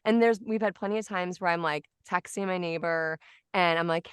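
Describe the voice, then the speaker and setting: A woman hosting a podcast, bubbly and chatty, quick to laugh with her guest. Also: lowish voice, clear, resonant tone, dry recording, clean studio sound. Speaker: podcast host. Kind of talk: casual interview chat.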